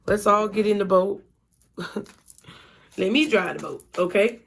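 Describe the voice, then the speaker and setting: A woman's voice: medium pitch, unhurried, vocal fry, pauses often, slight background noise. A woman giving a casual tarot reading, chatty and blunt, with frequent swearing. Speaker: tarot reader.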